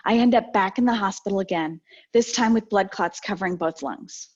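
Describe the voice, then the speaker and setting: Husky-voiced woman giving a motivational talk. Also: medium pitch, brisk. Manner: lively storyteller, acts out quoted exchanges. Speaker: guest speaker. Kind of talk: motivational talk with personal stories. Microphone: video call. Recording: dull lo-fi video call audio.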